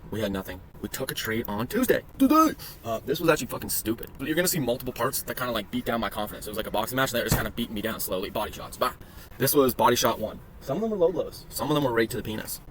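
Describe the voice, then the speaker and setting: In a screen-share video, a day trading vlogger races through his trading charts with crude jokes and rambling, profane asides. He has a mid-range, slightly bright, expressive voice, with slight background noise.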